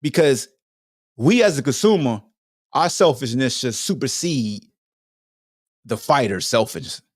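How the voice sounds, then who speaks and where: Man, podcast host, heated sports rant, blunt slang, lively swinging pitch, dry close sound. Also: a little slow, no echo.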